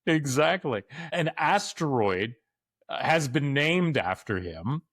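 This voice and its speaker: A man co-hosting a podcast in casual chat, enthusiastic and quick to laugh. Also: fairly high pitch, sing-song, fairly bright tone, dry recording, clean studio sound. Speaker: podcast co-host.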